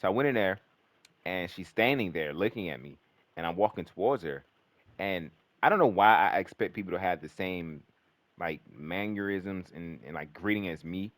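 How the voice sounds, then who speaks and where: A young man with a low voice tells a long, winding story in casual conversation, his pitch leaping around as he gets worked up. He swears freely and piles on fillers and restarts. The sound is close and dry. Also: normal speed, no room sound. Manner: animated, profane, rambling with fillers.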